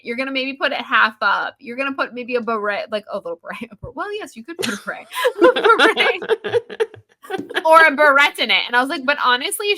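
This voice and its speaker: A woman's voice: on the high side, bright, forceful tone. A woman co-hosting a podcast, reviewing a movie in casual chat, sarcastic and acting out characters' lines. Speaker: podcast co-host.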